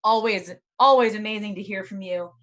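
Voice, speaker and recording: A woman's voice: mid-range voice, brisk, fairly bright tone, lo-fi sound. Upbeat woman emceeing a poetry showcase. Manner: upbeat, encouraging, with fillers. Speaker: host of a poetry show. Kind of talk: casual emceeing. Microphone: video call.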